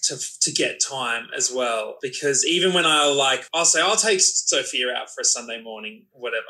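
A woman, telling animated stories in a casual chat and often restarting her words. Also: rumbling low, moderate pace, poor audio. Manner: animated storytelling with repeated restarts.

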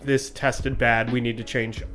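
A man's voice: mid-range voice, little pitch movement, a little slow, fairly bright tone, faint music behind. A man on a podcast, chatting casually and retelling comedy sketches with playful put-on voices. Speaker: podcast co-host. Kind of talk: casual chat.

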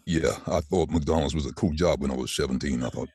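A man in his sixties who is a voiceover artist, telling lively stories about his life in a relaxed interview. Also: very deep voice, fairly quick, breathy edge, dry recording. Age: 60s. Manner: chatty, animated anecdotes with laughs. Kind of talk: casual storytelling interview.

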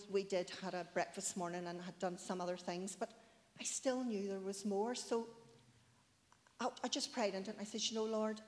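A woman's voice: mid-range voice, a little mellow. A woman in her forties giving a heartfelt, chatty personal testimony in church, with many asides. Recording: long hall reverb.

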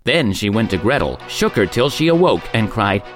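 A man narrating a fairy tale in an expressive storyteller's manner. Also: fairly low pitch, normal speed. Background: background music.

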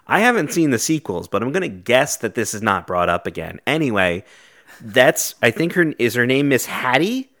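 A man's voice: medium pitch, sing-song, moderate pace, fairly bright tone. A man co-hosting a casual podcast, wry and joking as he delivers hot takes. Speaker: podcast co-host.

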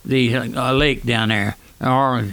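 Old preacher guy in his 90s, fervent radio sermon, goes loud then hushed. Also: medium pitch, steady tone, slow pace, gravelly, smooth. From South Louisiana. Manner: fervent preaching, swings between raised and hushed lines.

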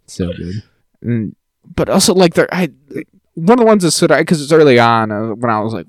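A man's voice: mid-range voice, very animated, a little fast, no room sound, clean studio sound. A man co-hosting a podcast in casual chat, wry and mocking as he picks apart movie dialogue. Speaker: podcast co-host.

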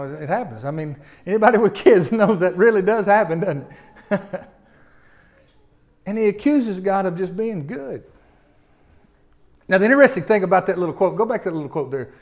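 A male preacher giving an animated sermon and often putting questions to his congregation. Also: high voice, normal speed, long pauses.

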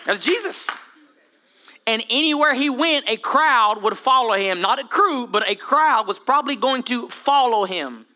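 A man preaching a sermon with humor, dramatic whispers and sudden loud bursts. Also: extremely high pitch, lively intonation, measured pace. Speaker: pastor.

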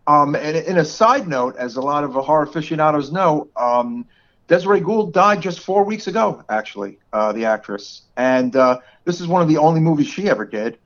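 A man in his forties with a New York area accent talks in a lively, swooping way, his pitch sitting a little high, and he laughs often as he co-hosts a podcast. The recording is dull and lo-fi. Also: normal speed. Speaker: podcast co-host. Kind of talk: casual chat.

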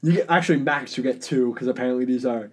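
A man in casual conversation, playful and quick to joke around. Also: medium pitch, darkish tone, husky. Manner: playful, does silly voices and accents. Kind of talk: casual podcast chat.

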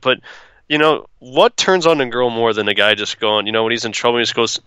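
A man's voice: on the low side, quick pace, bright, forceful tone, smooth, no echo. A man from St. Louis co-hosting a podcast, trading joking, profane banter. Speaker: podcast co-host. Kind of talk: casual chat.

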